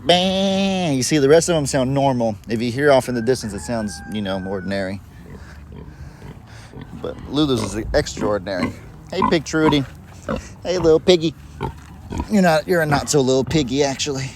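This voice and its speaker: Farm-vlog host, a man of average pitch, rambling and chatty on a handheld phone outdoors, with faint noise behind him. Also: expressive, moderate pace. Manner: chatty, rambling, talks to animals in a sing-song pet voice. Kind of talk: casual live-stream chat. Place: outdoors on a farm among animals. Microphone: handheld phone camera.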